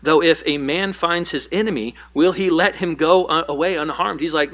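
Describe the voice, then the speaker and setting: Bright-voiced man preaching casually. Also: fairly high pitch, moderate pace. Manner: casual, conversational retelling with paraphrased dialogue. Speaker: pastor. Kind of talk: Bible study sermon.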